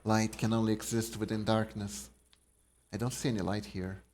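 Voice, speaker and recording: A man's voice: lowish voice, little pitch movement, moderate pace, darkish tone, a little hiss or hum. A man live-streaming a card game, reading card text aloud and chatting casually with his viewers. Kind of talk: casual live-stream chat while gaming.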